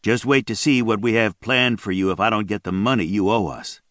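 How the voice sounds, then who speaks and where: A man's voice: on the low side, fairly quick, fairly bright tone, dry recording, studio quality, natural voice. A man playing a cold-eyed young thug. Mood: cold threat. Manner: blunt, threatening.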